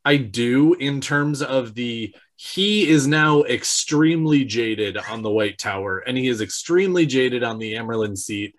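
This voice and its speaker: A podcast co-host ranting profanely and laughing about a fantasy character in casual chat. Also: mid-range voice. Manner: unhurried, profane, laughing rants. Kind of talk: casual comedic book chat.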